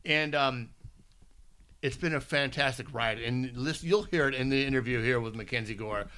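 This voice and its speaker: Podcast co-host, man, 50s, bright tone, casual rambling storyteller. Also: medium pitch, moderate pace. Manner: animated storytelling, rambling with restarts. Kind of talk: casual chat.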